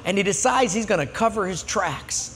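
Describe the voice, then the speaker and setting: Male pastor, high voice, animated sermon storytelling, church hall with long reverb. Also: normal speed, slight background noise.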